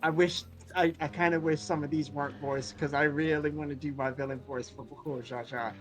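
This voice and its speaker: A man's voice: on the high side, steady tone, fairly quick. A man playing along on a game stream, joking and teasing in casual banter. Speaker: co-op player on stream. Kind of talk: casual gaming chat. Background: faint game music.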